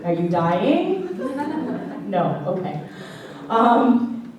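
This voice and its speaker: Very slow and sing-song, her mid-range voice has a darkish tone and a lo-fi sound. She's a woman vocal coach teaching worship singing, chatty and playful, demonstrating each point with short sung exercises into a handheld mic. The classroom or church hall echoes, heard from far off with faint background noise.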